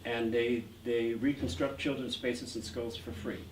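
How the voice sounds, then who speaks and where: A man's voice: medium pitch, flat delivery, a little slow. A man in his sixties, an actor guest telling stories in an interview, rambling with lots of "uh" fillers. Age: 60s. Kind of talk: anecdotal interview storytelling. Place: art gallery event. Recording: roomy, distant mic, faint noise.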